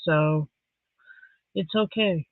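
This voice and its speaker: A middle-aged woman from Saskatchewan hosts a casual live stream. She chats softly and emotionally and reads viewer comments aloud. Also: lowish voice, drawn-out words, dry recording. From Saskatchewan, Canada. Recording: tinny phone-like dry sound.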